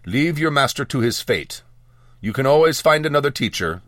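A burly, mocking ship's officer with a lively, swinging delivery, as a man puts him on. He teases with broad confidence, recorded close and dry. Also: medium pitch, normal speed, dry recording, pitched above the performer's own voice, close to an everyday voice. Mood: teasing.

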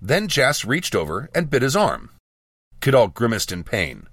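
A man narrating a first-person fantasy audiobook with measured storytelling and lively dialogue. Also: medium pitch, no room sound, clean studio sound.

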